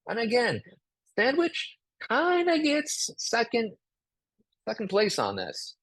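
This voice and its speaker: Animated, husky male writing teacher. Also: very high-pitched, slow, dry recording. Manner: animated, acts out example sentences aloud. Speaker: writing instructor. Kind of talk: live online class.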